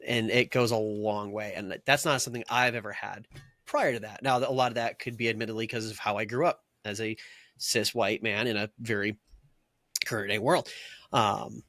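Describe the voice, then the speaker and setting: A man's voice: lowish voice, steady tone, moderate pace, a bit bright, no echo. A man co-hosting a casual chat, speaking sincerely and reflectively. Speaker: co-host.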